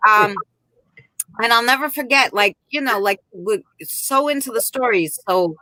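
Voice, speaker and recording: A woman's voice: a little high, expressive, unhurried, sharp tone, no echo. A woman in casual chat, telling rambling stories with lots of fillers. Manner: rambling, chatty storyteller with many fillers.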